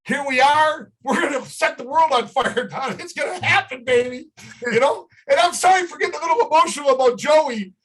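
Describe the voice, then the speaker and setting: A company owner talking on a live video call, emotional and fired up, shouting and repeating himself for emphasis. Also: male voice, extremely high pitch, fairly quick, low-quality recording. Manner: shouting, emotional, punchy repetition.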